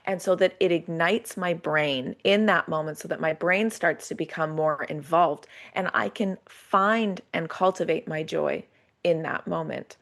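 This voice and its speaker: Woman coach, podcast guest; lively, acts out her own thoughts, lowish pitch. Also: moderate pace, vocal fry. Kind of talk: casual podcast conversation.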